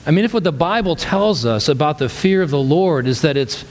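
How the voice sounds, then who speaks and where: A man pastor preaching a sermon in a conversational, animated storytelling way, often restarting his phrases. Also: on the high side, a little fast, big-room sound.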